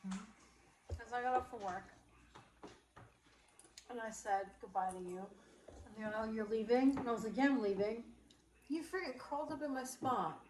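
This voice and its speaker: A young woman chatting casually on a vlog, telling animated stories and laughing often. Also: fairly high pitch, moderate pace, pauses often, slight background noise. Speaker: vlogger. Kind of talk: casual chat. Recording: echoey room with faint ambience.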